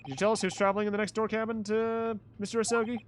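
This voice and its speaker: A man voicing a polite, hesitant young male hero in a story game, speaking softly and carefully. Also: high-pitched, little pitch movement, rapid-fire, a little hiss or hum, voice pushed up, lightly acted.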